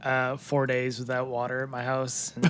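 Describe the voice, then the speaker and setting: A man's voice: medium pitch, completely flat delivery, normal speed, fairly bright tone, a little hiss or hum. A man as a podcast guest, talking in a laid-back way and swearing casually. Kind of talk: casual chat.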